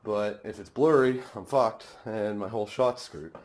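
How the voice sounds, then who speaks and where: A man's voice: on the low side, moderate pace, darkish tone. Laid-back man rambling in his garage. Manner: swears casually, laughs often. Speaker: vlogger. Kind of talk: casual rambling vlog. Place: home garage. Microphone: phone camera held by hand.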